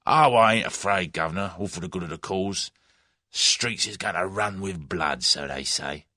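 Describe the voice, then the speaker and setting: A coarse thug with a hoarse, gloating voice, as a male audiobook narrator puts him on. He is pitched low and dry, savoring talk of bloodshed. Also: moderate pace, bright, forceful tone, no echo. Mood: grimly gleeful. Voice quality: hoarse, grim relish. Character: Cockney thug, coarse working-class man, bloodthirsty.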